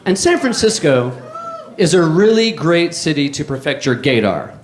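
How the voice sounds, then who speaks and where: Deadpan New comic in a roomy club. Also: male voice, on the high side, noisy background. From New York. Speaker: stand-up comedian. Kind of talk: stand-up comedy set. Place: comedy club stage. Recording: echoey club with crowd. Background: audience laughter.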